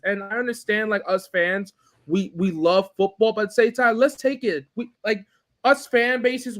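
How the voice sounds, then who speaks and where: A man's voice: high-pitched, fairly bright tone. A young man co-hosting a sports podcast, ranting in casual chat with many restarts. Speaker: podcast co-host.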